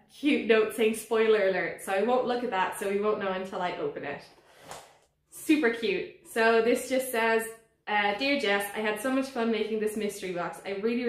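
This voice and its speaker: A woman unboxing plants in a casual vlog, gushing and giddy, sometimes squealing with excitement. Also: mid-range voice, slight background noise. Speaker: plant vlogger. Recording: echoey room.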